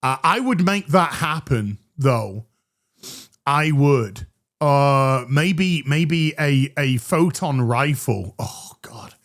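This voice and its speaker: A man's voice: mid-range voice, lively intonation, extremely slow, fairly bright tone. A man hosting a TV review show, ranting sarcastically with crude jokes and stammered restarts. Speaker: host reviewing a TV episode.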